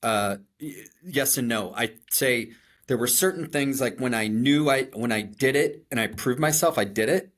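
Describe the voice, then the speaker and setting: A middle-aged Chicago man with a local accent co-hosts a podcast, speaking in a mid-range voice at normal speed. He tells stories animatedly and self-deprecatingly, often restarting his sentences in conversational storytelling.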